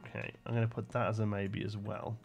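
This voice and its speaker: A young man live-streams a building game, casually thinking aloud and chatting with viewers, with frequent fillers in between. His lowish, creaky voice has little pitch movement and a quick pace. The highs are cut off, and faint music plays behind him.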